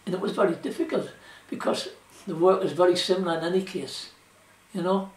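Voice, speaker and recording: A man's voice: high-pitched, a little fast. Older Geordie man reminiscing, far from mic. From South Shields, England. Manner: rambling, colloquial, with fillers like "you know" and "like". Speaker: interviewee, former shipwright. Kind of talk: oral history reminiscence. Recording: roomy echo, voice from off-mic.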